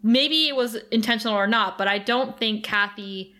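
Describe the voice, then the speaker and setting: Bright-voiced woman recapping casually. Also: fairly high pitch, normal speed. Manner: chatty, laughs often, acts out characters' lines. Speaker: podcast co-host. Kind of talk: casual episode recap chat.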